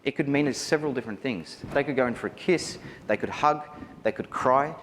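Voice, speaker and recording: An Australian man giving a wedding photography seminar, chatty and animated, often asking the audience questions. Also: mid-range voice, brisk, a little hiss or hum. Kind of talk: live seminar talk to an audience. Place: large hall. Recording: reverberant hall with faint ambience.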